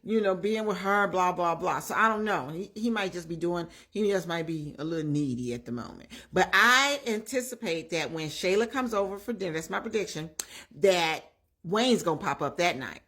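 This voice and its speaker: A woman hosting her own channel, chatting through a recap of comedy skits in a lively, storytelling way and talking straight to her viewers. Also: on the low side, normal speed. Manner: animated storyteller who acts out the characters' lines; chatty, addresses viewers directly. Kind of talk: casual recap and commentary.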